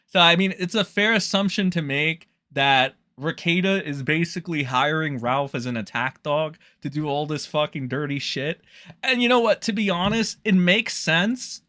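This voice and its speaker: A man's voice: on the high side, normal speed, pushed and bright, no echo. A man ranting in a casual commentary, profane, scornful and rambling.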